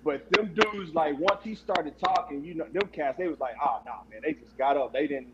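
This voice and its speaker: A man's voice: fairly high pitch, moderate pace, lo-fi sound, heavy background noise. A man in his forties, a former football player, casually telling a story with slang and frequent laughs. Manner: laid-back, laughs often, slangy.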